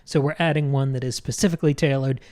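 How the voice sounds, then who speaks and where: Young man, podcast co-host, mid-pitched, upbeat, dry close mic. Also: steady tone, fast, darkish tone, dry recording. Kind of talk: casual podcast announcements.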